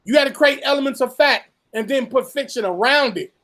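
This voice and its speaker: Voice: high-pitched, fairly quick, a bit bright. A co-host in a casual commentary chat, swearing freely, mocking and acting out what others say, then lecturing and warning the listeners.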